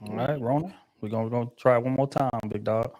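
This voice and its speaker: A man's voice: medium pitch, quick pace, darkish tone. Male host, slangy, laid-back, emphatic, casual panel chat.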